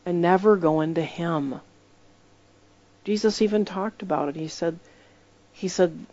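A woman's voice: on the low side, a little slow, pauses often, dark tone, no echo, muffled recording. A woman preaching in a conversational sermon style, telling stories emphatically and acting out the voices she quotes.

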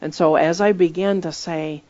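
A woman with a somewhat low voice gives a conversational sermon, telling stories with emphasis and slipping into the voices of the people she quotes. The recording sounds dull and lo-fi. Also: steady tone, moderate pace, dark tone, dry recording. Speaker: preacher.

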